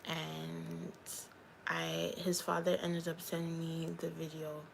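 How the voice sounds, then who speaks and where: A woman's voice: sits low, monotone, slow pace, vocal fry, slight background noise, rough recording. A young woman, a YouTuber and hairstylist, chatting candidly on a livestream and talking straight to her viewers. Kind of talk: casual livestream chat.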